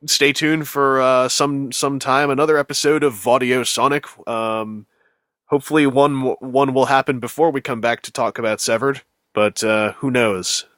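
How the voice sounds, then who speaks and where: A man's voice: mid-range voice, fairly even intonation, normal speed, a bit bright, dry recording. A man hosting a casual podcast chat, rambling and self-mocking with dry sarcasm. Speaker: podcast host.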